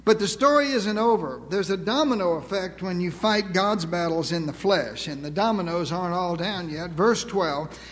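An older male preacher with a high voice, delivering a folksy sermon full of dry humor and slow, stretched-out emphasis. His words ring out with a long reverb, as if he stands in a large church sanctuary. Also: a little hiss or hum.

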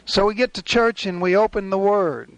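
An older male pastor delivering a sermon in a fairly high voice. He talks to the congregation in a folksy, conversational way and slips into quick acted asides. The sound is dry and close. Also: smooth, no echo.

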